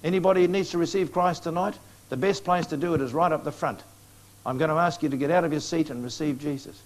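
A man with a New Zealand accent preaches to a live congregation. His voice sits somewhat high, and he talks with urgent, earnest exhortation. He turns again and again to address his listeners directly. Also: quick pace. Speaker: evangelist preacher. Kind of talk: sermon. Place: church meeting before a live congregation.

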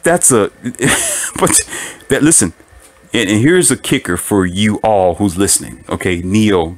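Guy w a lowish voice ranting relationship advice at listeners, preachy, keeps laughing and asking "how does that work". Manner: preachy and animated, laughing at his own points; repetitive, rhetorical questions. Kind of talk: casual talk monologue to listeners.

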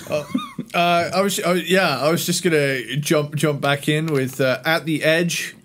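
A man's voice: on the high side, fairly even intonation, a little slow, fairly bright tone, slight background noise. A man in casual review chat on a podcast, laughing often and making dry sarcastic asides. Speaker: podcast co-host.

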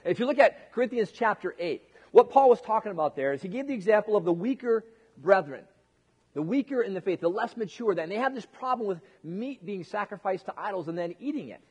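A man's voice: high voice, animated, brisk, husky, big-room sound. A male pastor preaching a casual, joking sermon, talking conversationally with frequent restarts.

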